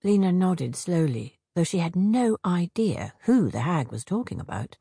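A woman narrating a children's storybook with expressive reading and many character voices. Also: lowish voice, measured pace, creaky, hardly any pauses, husky, dry recording, studio quality.

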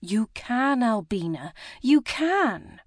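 A woman's voice: sing-song, slow, no echo, clean studio sound, full character voice. A woman voicing a kindly village midwife, urging and tender, in an audiobook. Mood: coaxing. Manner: high, coaxing and gentle.

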